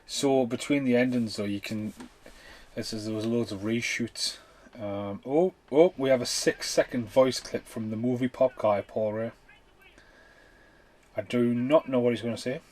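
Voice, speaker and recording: A man's voice: mid-range voice, a little slow, darkish tone. A man hosting a movie commentary podcast, talking over the film in a blunt, sweary, casual way. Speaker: podcast host.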